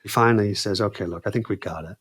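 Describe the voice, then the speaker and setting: A man's voice: on the low side, fast talker, slightly rough. A man telling a story as a podcast guest, acting out the people he quotes and talking casually with lots of "dude" and "man.". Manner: animated, acts out quoted dialogue; says "dude" and "man" often.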